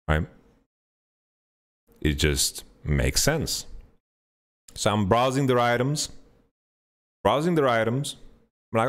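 A man hosting a podcast, telling a rambling story in an animated, sweary way and playing out his own thoughts. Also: takes it slowly, pauses often. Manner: animated storytelling, swears freely, mimics himself with pitch jumps. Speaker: podcast host. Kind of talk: casual rambling monologue.

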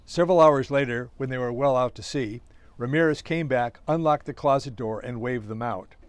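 A man, the author, reading his own novella aloud in a steady storytelling manner. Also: mid-range voice, moderate pace, no room sound.

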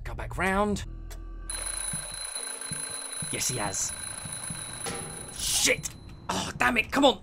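A young man giving excitable let's play commentary, muttering one moment and shouting or laughing the next. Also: sits high, extremely slow, vocal fry, pauses often, over music. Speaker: gaming YouTuber.

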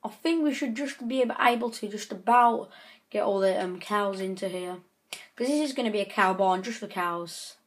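A woman's voice: mid-range voice, moderate pace. A woman giving chatty gameplay commentary, breaking into frequent frustrated outbursts. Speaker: gaming channel host.

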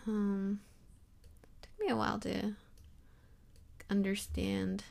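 A young woman talking casually through a software tutorial, rambling and self-deprecating, with lots of fillers. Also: mid-range voice, little pitch movement, slow pace, creaky. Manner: rambling and chatty, full of fillers. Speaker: tutorial host.

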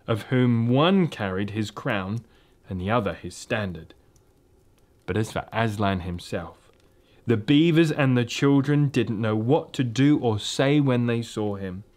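Male reader, children's storybook read-aloud, medium pitch, gentle and steady.

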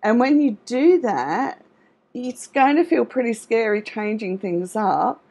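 A middle-aged trauma recovery coach gives a live online talk, her voice fairly high, expressive and slow, with a creaky, breathy edge. She sounds warm and reassuring, encouraging her audience and often checking in with "okay?" and "all right?"

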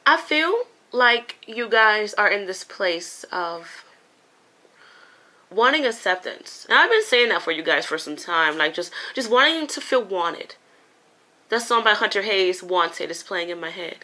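Woman, tarot reader, bright tone, talks to viewers like friends, casual and emotional. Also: mid-range voice, animated, a little slow. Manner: chatty, emotional, swears casually, addresses viewers as honey and you guys. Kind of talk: casual spoken tarot reading.

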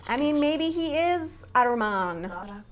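Woman reaction host, slightly high voice, chatty and quick to laugh. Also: sing-song, soft background music. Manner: chatty, laughs often, talks back to the screen. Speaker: drama reaction channel host. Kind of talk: casual reaction commentary.

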